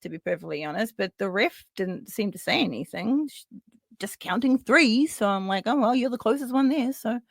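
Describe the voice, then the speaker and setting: A woman hosting a podcast, recapping wrestling matches in a casual, lively way, with frequent swearing and fillers. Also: on the high side, dry recording. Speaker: podcast host.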